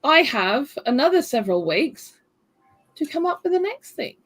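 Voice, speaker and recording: A woman, co-hosting a casual video-call chat; she sounds relaxed and emphatic, and she laughs easily. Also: high-pitched, normal speed, faint music behind. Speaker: co-host chef.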